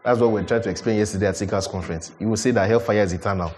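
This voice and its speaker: A man preaching a sermon, animated, building to emphatic peaks and questioning his listeners. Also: lowish voice, racing.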